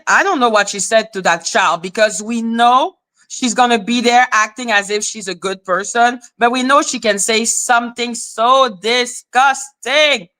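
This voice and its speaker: Bright-voiced exasperated woman gossiping live. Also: on the high side. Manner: animated, exasperated, swears freely. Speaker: live-stream host. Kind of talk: casual gossip commentary.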